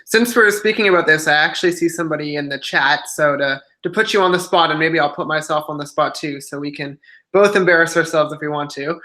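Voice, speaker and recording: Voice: mid-range voice, brisk, sharp tone. A livestream host who interviews the guest on a video call, listening closely and often saying mm-hmm. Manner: attentive, frequent mm-hmm backchannels.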